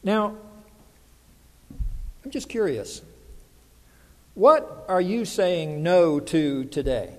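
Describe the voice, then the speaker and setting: A man with a high voice preaches a sermon, talking to the congregation in an easy, conversational way and often asking them questions. His voice rings with the long reverb of a large hall. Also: very animated, very slow, pauses often, a little mellow.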